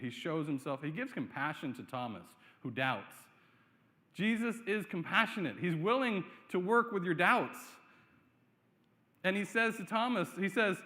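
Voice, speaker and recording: A man's voice: on the high side, animated, moderate pace, bright, forceful tone, in a large hall. A male pastor preaching a sermon in a conversational way, asking the room rhetorical questions. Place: church sanctuary.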